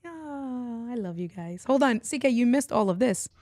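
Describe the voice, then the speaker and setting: A woman's voice: on the high side, lively intonation, moderate pace, a little mellow, dry recording, studio quality. A middle-aged woman hosting a casual livestream, chatting and laughing with her viewers as she goes. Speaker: livestream host and online entrepreneur.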